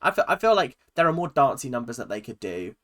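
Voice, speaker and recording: A British woman hosting a casual reaction video, sarcastic and expressive, swearing freely as she comments. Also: rumbling low, fast talker. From United Kingdom.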